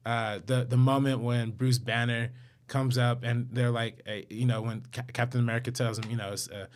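A young man co-hosting a podcast, telling excited, slangy stories in casual chat. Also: mid-range voice, normal speed, a little hiss or hum. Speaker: podcast co-host.

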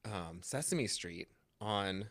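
A man chatting casually on a podcast, telling a story in an animated way, acting out quotes in high voices and laughing often. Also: takes it slowly, dry recording. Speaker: podcast co-host. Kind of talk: casual chat.

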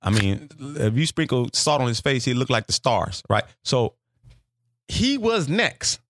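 A male comedian spinning a raunchy story with a lively, swooping voice that shoots high whenever he acts out someone else. The sound is close and dry, with no room around it, and the telling has a loose, conversational feel. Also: unhurried, dry recording. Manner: animated, profane, acts out quotes with big pitch jumps. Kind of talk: casual storytelling.

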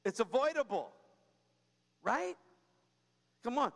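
A man's voice: high voice, lively intonation, moderate pace, vocal fry, pauses often, big-room sound. A man preaching a sermon as pastor, in a conversational style that mixes personal stories with humor and keeps asking "right?" and "come on.".

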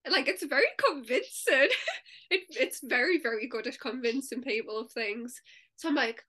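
Chatty woman co-host, high and bright, loose and giggly. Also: big pitch swings, normal speed. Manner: chatty, laughs often, many "like" fillers, acts out inner voices. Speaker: podcast co-host. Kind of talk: casual chat.

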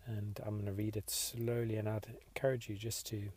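Man, podcast host, devotional meditation, low husky voice, flat even delivery. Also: no room sound. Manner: slow, reflective, soft-spoken.

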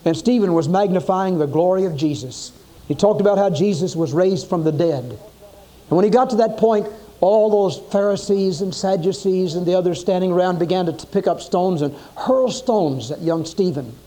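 Guy preaching, kinda high voice but mellow, tells the stories big and dramatic. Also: normal speed. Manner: dramatic storytelling, acting out quoted voices with rising pitch. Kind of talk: sermon.

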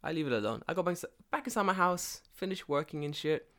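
A man's voice: a little high, lively intonation, fast talker, fairly bright tone. A man telling a story in casual chat, swearing often, laughing, and acting out both sides of a phone call. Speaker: storyteller in a conversation. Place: lives and works in Japan.

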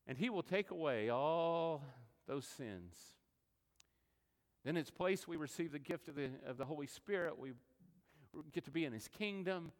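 A sermon rings through a reverberant church sanctuary as an animated male preacher tells stories and performs quoted voices. He speaks at a normal pace, and his voice runs on the high side.

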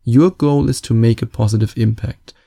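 A man with a very dark, gravelly voice hosts a solo podcast and gives dating advice. He coaches in an emphatic, repeating manner and presses every point home. The recording is dry and close. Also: medium pitch, fairly even intonation, moderate pace, no room sound. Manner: emphatic, repetitive coaching delivery.

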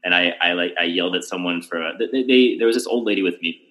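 A man's voice: low voice, fast talker, a bit bright, rough recording. A young man hosting a podcast, telling a long story in casual chat with lots of restarts and fillers. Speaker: podcast host.

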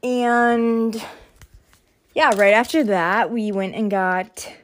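A woman's voice: a little high, steady tone, drawn-out words. A young woman chatting casually in a vlog, rambling with lots of fillers and restarts, laughing often as she talks while packing at home. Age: young adult. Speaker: vlogger. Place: indoors at home, packing and moving around.

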